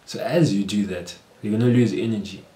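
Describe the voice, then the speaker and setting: A man's voice: fairly low pitch, fairly quick. Earnest man giving advice in an echoey room. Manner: earnest, steady, explanatory. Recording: roomy echo.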